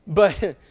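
A middle-aged man preaching a conversational teaching sermon as a pastor, checking in often with his listeners. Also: darkish tone.

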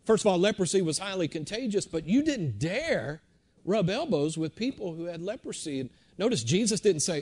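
A middle-aged man preaching a sermon in a conversational way, repeating words and swinging between loud and hushed. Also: sits high, sing-song, normal speed.

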